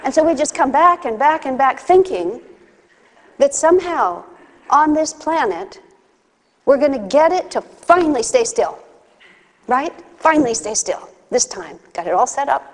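This woman's voice is high, with lively intonation and an unhurried pace. Her spiritual talk is conversational, blending lessons with anecdotes from her own life and playful bits of acting, all heard through long hall reverb.

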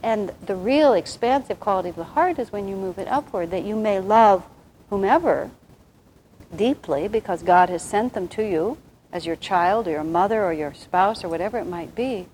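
A soft-spoken woman giving a reflective, rambling spiritual talk, with many restarts. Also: on the low side, slight background noise, rough recording.

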